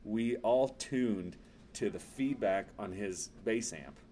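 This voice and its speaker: A man with a slightly low voice telling a story in a loose, rambling way, often stopping to say "you know". Faint background noise sits under his talk. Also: slow pace, mellow. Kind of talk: casual storytelling chat.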